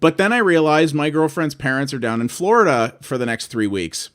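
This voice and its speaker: A man's voice: a little high, lively intonation, a little fast, fairly bright tone. A man in his thirties, from Canada, ranting about bad customer service, swearing and acting out both sides of his phone calls. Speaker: vlogger. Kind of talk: ranting monologue.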